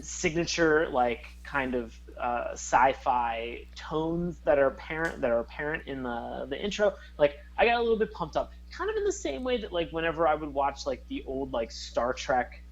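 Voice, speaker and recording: A man co-hosting a podcast in casual chat, rambling and animated as he searches for words. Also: a little high, normal speed, few pauses, dull audio. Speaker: podcast co-host.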